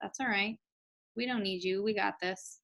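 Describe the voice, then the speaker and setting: A woman's voice: mid-range voice, fairly even intonation, moderate pace, gravelly, a bit bright. A woman leading a live online business training, chatty, upbeat and encouraging, talking straight to her audience. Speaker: network marketing trainer.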